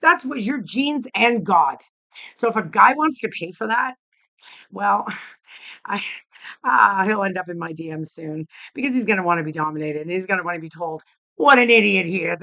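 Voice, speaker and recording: Fired-up woman ranting, bright voice. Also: medium pitch, expressive, moderate pace, creaky. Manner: heated, blunt, swears often. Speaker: vlogger. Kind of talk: angry opinion rant to camera.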